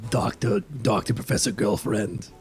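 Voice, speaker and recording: A man's voice: lowish voice, moderate pace, darkish tone, soft background music, pitched below the performer's own voice, lightly acted. A man putting on a theatrical, mock-grand villain voice during a game stream.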